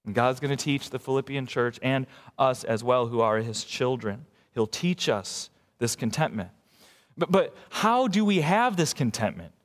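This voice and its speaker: A man preaching a sermon, swinging from emphatic raised lines to quiet, slow asides. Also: medium pitch, animated, big-room sound. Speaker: pastor.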